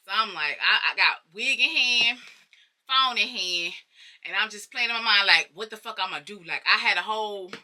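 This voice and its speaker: A woman from Arkansas talks straight to her viewers in a casual storytime. Her voice is very bright and sharp. She is animated and profane, swinging from loud outbursts to hushed, muttered asides. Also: medium pitch, normal speed. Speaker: storyteller vlogger.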